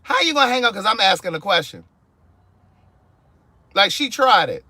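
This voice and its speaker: A man tells a fed-up customer service story in a casual car vlog. His voice is bright and forceful, pitched a bit high, with dry, close sound. He is sassy and theatrical, mimicking both sides of the phone call. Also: normal speed, no room sound. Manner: animated, acts out both sides of phone calls; sassy, exasperated. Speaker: vlogger telling a story. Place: inside a car.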